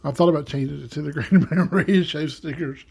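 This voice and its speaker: A man's voice: a little high, fast, vocal fry, darkish tone, slightly rough. A man hosting his own show in a rambling, casual monologue full of fillers, on a home desk microphone. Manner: rambling, many fillers and restarts. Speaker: podcast host.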